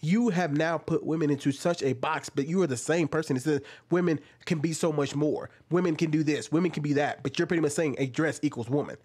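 Guy ranting at a clip, keeps firing rhetorical questions, voice a bit high. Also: fairly quick, hardly any pauses, a little mellow, breathy edge. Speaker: commentator. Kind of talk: reaction commentary.

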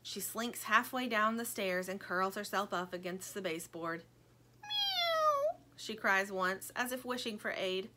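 A woman reading a children's storybook aloud in an expressive, animated storytelling manner. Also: mid-range voice. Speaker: audiobook narrator.

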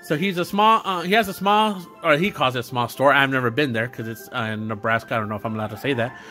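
A man's voice: medium pitch, fast talker, sharp tone, soft background music. A young man talking off the cuff in a casual vlog, rambling with lots of fillers and restarts. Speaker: YouTuber doing an unboxing video. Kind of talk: unscripted casual vlog talk.

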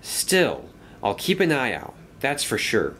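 A man's voice: mid-range voice, wildly swooping pitch, slow pace, fairly bright tone, a little hiss or hum, voice pushed up, heavily acted. A man voicing a thoughtful male steam engine who talks in an earnest, cautious way. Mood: resolute.

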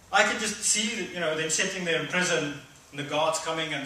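A middle-aged man preaching a conversational sermon, acting out voices with sudden loud high bursts. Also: fairly quick, far from the mic, slight background noise. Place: church hall. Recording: echoey hall, speaker away from mic.

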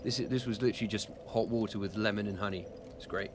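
A young British man with a fairly low voice talks casually to his live chat while he plays. He rambles, restarts his sentences and teases himself between questions. There is a faint hum behind him. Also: steady tone, fast talker. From United Kingdom. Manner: rambling, self-deprecating, answers chat questions with many fillers. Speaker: gaming streamer. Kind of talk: casual live-stream commentary while playing.

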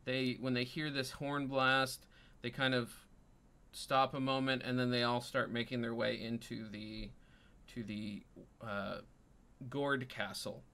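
A man narrating as dungeon master in an unhurried way, pausing often with ums. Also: mid-range voice, little pitch movement, pushed and bright. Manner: unhurried, many ums and pauses. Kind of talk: narrating a tabletop game.

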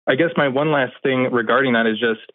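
A man's voice: mid-range voice, a little fast, no room sound. A man in his twenties calling an advice show, hesitant and thoughtful, with many fillers. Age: 20s. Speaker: caller. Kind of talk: call-in conversation. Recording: tinny phone line.

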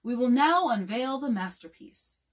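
A woman's voice: on the high side, animated, moderate pace, pitched above the performer's own voice. A woman voicing a confident, showy father of a big family in a read-aloud storybook, with a grand, playful delivery. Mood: boastful.

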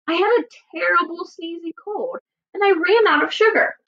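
A woman teacher voicing a sly, chatty male wolf as she reads a storybook aloud in a lively, playfully indignant way. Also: very high voice, normal speed, voice pushed up. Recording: dull lo-fi recording.

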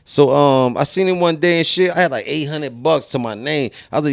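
A man with a Philly accent tells old stories in a relaxed, swearing podcast chat. His voice sits a bit high with a gravelly edge. The recording is dry and close. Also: a little fast, few pauses, no room sound. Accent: Philadelphia. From Philadelphia. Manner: laid-back, swears freely, acts out quoted friends. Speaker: podcast guest. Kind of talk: casual storytelling.

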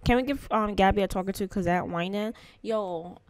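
A woman talking through a life-simulation game in a relaxed, chatty way, tossing in playful slang as she goes. Her voice is smooth and clear, in a mid range, recorded close and dry with no room around it. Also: medium pitch, a little fast, no echo. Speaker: gaming channel host. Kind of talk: casual gameplay commentary.

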